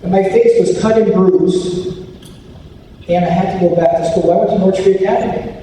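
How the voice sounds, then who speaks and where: A man's voice: high voice, steady tone, moderate pace, dark tone, slight background noise. A man giving an anti-bullying talk at a school assembly, telling a personal story and acting out the quotes. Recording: echoey hall recorded from far off.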